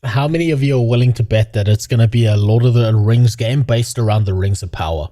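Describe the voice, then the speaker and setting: A man's voice: mid-range voice, brisk, mellow. A man ranting casually as a gaming streamer, swearing, mocking and laughing often. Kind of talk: casual commentary rant.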